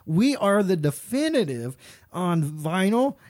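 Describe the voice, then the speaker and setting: A man's voice: high voice, sing-song, slow pace, a little mellow, no room sound, studio quality. A man co-hosting a casual podcast, swearing freely and breaking into fits of laughter. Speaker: podcast co-host. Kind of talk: casual chat.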